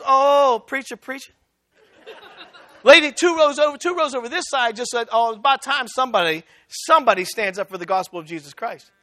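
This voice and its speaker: A man preaching a sermon, telling a story and acting out both sides of the conversation. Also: extremely high pitch. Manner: animated, acts out both sides of a dialogue.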